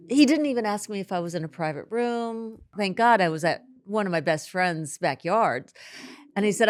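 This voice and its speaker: A middle-aged woman, a podcast guest, speaking haltingly and emotionally in an interview, with many restarts. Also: medium pitch, expressive.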